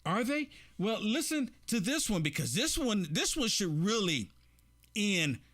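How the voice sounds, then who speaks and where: A man's voice: sits high, very animated, measured pace, a bit bright. A man hosting an opinion commentary show, reacting to clips and pressing his points with repeated rhetorical questions to his viewers. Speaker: political commentary host.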